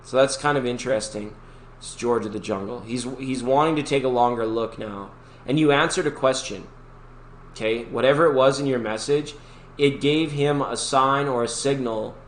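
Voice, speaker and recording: A man's voice: mid-range voice, normal speed. A man hosting a live tarot reading stream, talking in a rambling, upbeat, chatty way to his viewers. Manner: chatty, rambling, upbeat, breaks into sung snippets. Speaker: tarot reader and livestream host. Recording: echoey room with faint background noise.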